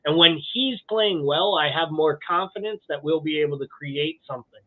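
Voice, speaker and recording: Male co-host, wry and joking, swears casually, fairly high voice, tinny phone-like audio. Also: moderate pace. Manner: wry, joking, profane banter. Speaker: podcast co-host. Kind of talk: casual chat.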